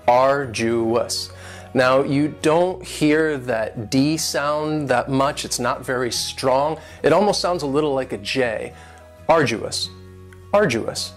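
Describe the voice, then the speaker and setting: A man teaching English vocabulary, with a medium-pitched voice. He says each new word slowly and carefully and keeps a friendly, lightly joking tone. Faint guitar music plays underneath. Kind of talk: online English lesson.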